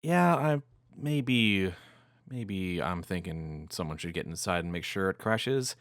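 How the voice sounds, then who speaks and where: A man playing in a tabletop role-play, relaxed and talking loosely with many fillers. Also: deep voice, takes it slowly, no room sound, studio quality. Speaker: player.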